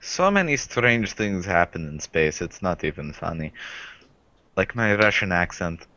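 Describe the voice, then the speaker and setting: A man's voice: sits low, very animated, measured pace, sharp tone, no room sound. A man in casual podcast chat who cracks puns and laughs at his own jokes. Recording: dry muffled lo-fi call audio.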